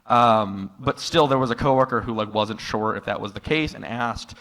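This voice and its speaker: A man doing a stand-up comedy set in a live room, telling stories in a dry tone that jumps into loud, exasperated outbursts. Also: on the low side, normal speed. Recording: live room with long hall reverb.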